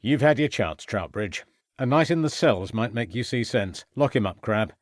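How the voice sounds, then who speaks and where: A man's voice: mid-range voice, sing-song, normal speed, no echo, studio quality, lightly acted. A man voicing a stern, shrewd police inspector in an audiobook, firm and pressing in his questioning. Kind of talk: audiobook character voice.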